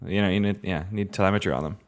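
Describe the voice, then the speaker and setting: A man's voice: low-pitched, very fast. A man co-hosting a podcast in casual chat, laughing often and wandering into asides, recorded at home on a desk mic. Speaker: podcast co-host. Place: room in a house with movers stomping overhead. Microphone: desk mic recorded in Audacity.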